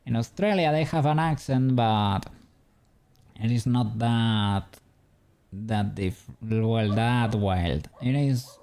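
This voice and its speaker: Streamer, male, dark gravelly tone, rambling chat punctuated by chuckles. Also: medium pitch, takes it slowly, a little hiss or hum. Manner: rambling, chuckling often, self-correcting. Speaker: livestreamer doing 3D modeling. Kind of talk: casual chat with viewers.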